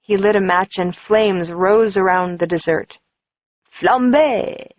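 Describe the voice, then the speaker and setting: A woman reading a first-person audiobook in a measured storytelling manner. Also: lowish voice, steady tone, no echo, lo-fi sound. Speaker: audiobook narrator.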